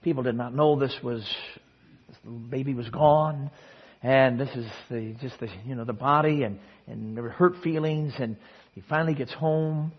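Male preacher, sermon, storytelling, bursts from quiet to loud, dull lo-fi recording. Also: mid-range voice, moderate pace, breathy edge. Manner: storytelling with dramatic swings in loudness and pace. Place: church service.

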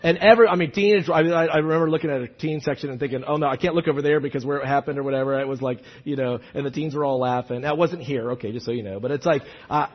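A man preaching a sermon as a pastor, telling stories with many restarts and shifting between loud and hushed delivery. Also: mid-range voice, very fast, hardly any pauses, lo-fi sound.

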